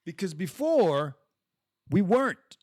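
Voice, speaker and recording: A man's voice: high-pitched, very animated, slow pace, a little mellow, no echo, studio quality. A man hosting a podcast, talking in a rambling, casual monologue full of restarts and the odd swear word. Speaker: podcast host.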